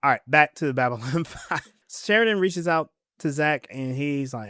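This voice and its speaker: A man co-hosting a casual podcast, recapping a TV episode with lively paraphrased character quotes. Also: a little high, moderate pace, no room sound, studio quality. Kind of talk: casual chat.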